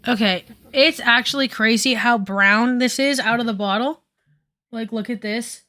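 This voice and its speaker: A woman's voice: on the high side, moderate pace, pushed and bright. A woman giving casual stream commentary while doing her makeup, rambling with lots of fillers and casual swearing.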